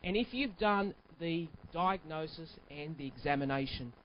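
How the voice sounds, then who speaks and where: A man's voice: fairly high pitch, moderate pace, slight background noise. A man giving a live motivational sales keynote, theatrical and acting out little scenes, heard in a dull lo-fi recording. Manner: animated, theatrical, acts out scenes. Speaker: keynote speaker. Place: stage at a live keynote event.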